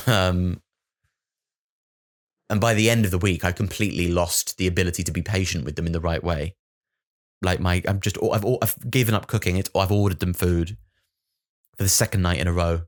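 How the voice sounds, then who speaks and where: A man hosting his own podcast, rambling through a sweary, self-mocking comic monologue. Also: deep voice. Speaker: comedian podcast host.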